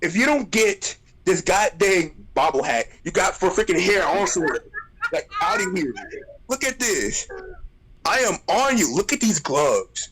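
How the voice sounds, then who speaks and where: A man streaming, ranting in casual chat, animated and exasperated, roasting people with repeated phrases. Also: sits high, a little slow, slight background noise, poor audio.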